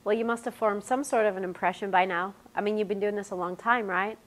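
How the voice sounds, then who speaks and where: A woman's voice: medium pitch, fairly even intonation, quick pace, lightly acted. An actress playing an adoring, insecure young woman student who gushes and lifts the ends of her statements like questions. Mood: anxious. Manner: gushing, upward-inflected statements.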